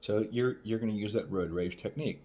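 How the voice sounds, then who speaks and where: This dating coach has a mellow voice on the low side and talks a little fast. Addressing the camera casually, he acts out quoted lines and leans on "right?" again and again.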